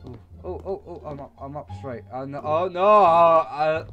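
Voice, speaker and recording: Young male gamer, high pitch, loose unhurried delivery with frequent outbursts and curses, light music behind. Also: muffled recording. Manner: swearing, exclaiming, rambling with frequent outbursts. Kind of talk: let's play commentary.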